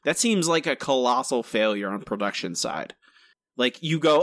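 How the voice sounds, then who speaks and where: A man's voice: medium pitch, lively intonation, moderate pace, a bit bright, no echo, clean studio sound. A man co-hosting a podcast, talking in an exasperated, rambling way with frequent restarts. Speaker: podcast co-host. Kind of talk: casual review chat.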